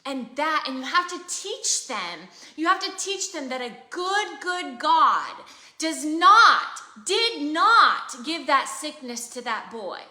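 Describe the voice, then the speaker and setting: Bright, earnest woman preaching in echo. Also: sits high, very animated, takes it slowly. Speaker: co-host of a live faith chat. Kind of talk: casual live conversation. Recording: roomy echo.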